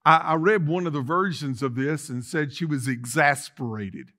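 A man preaching a sermon as lead pastor in a church, swinging from loud declarations to soft asides. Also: a little high, moderate pace. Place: church sanctuary.

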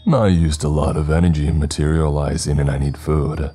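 A man voicing a demonic ghost boy with a deep, gurgling voice and coldly polite threats. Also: fairly even intonation, moderate pace, warm tone, slightly rough, soft background music. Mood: coaxing.

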